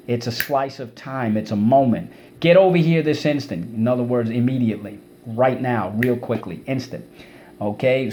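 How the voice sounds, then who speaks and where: A male teacher with a mid-range voice runs an energetic online vocabulary lesson for kids, repeating words and syllables so students can say them back. There's slight background noise.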